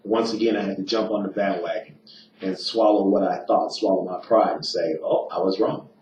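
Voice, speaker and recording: Guy hosting a political talk show, kinda low voice, rambly and emphatic, sounds far off in a boomy room. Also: steady tone, normal speed, darkish tone. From eastern United States. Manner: emphatic, rambling, with filler "uh"s and restarts. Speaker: radio show host. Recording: roomy, distant, dull, slightly noisy.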